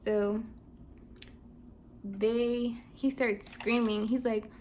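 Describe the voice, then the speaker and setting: A woman in her twenties, a vlogger telling a personal story in a casual, animated style with lots of "like"s. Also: on the high side, a little slow, slight background noise. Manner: casual, animated retelling with many "like"s. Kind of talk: storytime chat.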